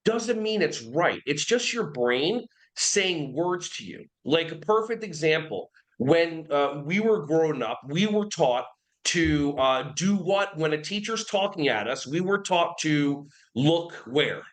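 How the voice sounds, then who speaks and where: This podcast guest, an early childhood behavior trainer in his forties from New Jersey, is an energetic, animated storyteller who talks casually and occasionally puts on silly voices. He speaks a little slowly at a fairly high pitch, on a low-quality recording.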